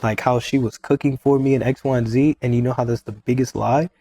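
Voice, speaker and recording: Husky and mid-range, a young man's voice moves fairly quickly as he tells a personal story on a podcast. He keeps it loose and energetic, quoting conversations and repeating lines often.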